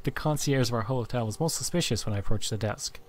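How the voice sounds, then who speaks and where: A man's voice: medium pitch, quick pace, slight background noise. A man playing a video game, reading its story text aloud with mock-dramatic flair and adding self-deprecating asides. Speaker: gaming channel host.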